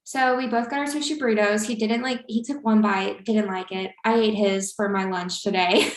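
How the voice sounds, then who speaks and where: Speaking at a moderate pace in a steady, mid-range tone, this young podcast co-host wanders through a casual story loaded with filler words. The room adds noticeable echo.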